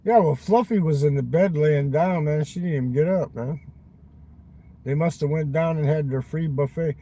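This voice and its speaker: Crude, rambling man with a mellow voice. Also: fairly high pitch, moderate pace, low-quality recording. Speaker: live-stream vlogger. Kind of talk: rambling live-stream chat. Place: parked car at night.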